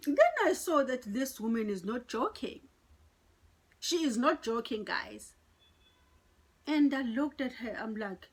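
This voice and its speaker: A woman's voice: a little high, expressive, measured pace, long pauses, husky. A middle-aged woman, telling a dramatic personal story to her viewers in a chatty way. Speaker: vlogger. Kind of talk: storytime vlog.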